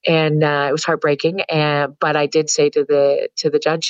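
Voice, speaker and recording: A woman's voice: deep voice, flat delivery, moderate pace, hardly any pauses, no room sound, highs cut off. A woman psychologist telling candid, earthy stories as a podcast guest, swearing freely. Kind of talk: storytelling in a podcast interview.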